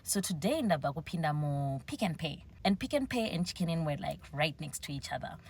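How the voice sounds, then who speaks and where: A woman's voice: low-pitched, brisk, husky. A young woman with a Zimbabwean accent telling a casual vlog story, chatty and mixing Shona phrases into her English. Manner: chatty, mixes Shona into English, animated retelling. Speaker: marketing vlogger.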